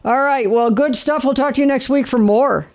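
High, gravelly-voiced radio host. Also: male voice, moderate pace, a little mellow. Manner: rambling, folksy and jokey. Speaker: radio call-in trivia show host. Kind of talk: casual radio sign-off chat. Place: radio studio. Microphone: studio microphone.

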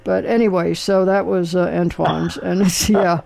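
A man's voice: high-pitched, fairly even intonation, measured pace, vocal fry, darkish tone. An older man hosting a casual talk show, rambling and chatty with lots of fillers. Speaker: radio host. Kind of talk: casual chat.

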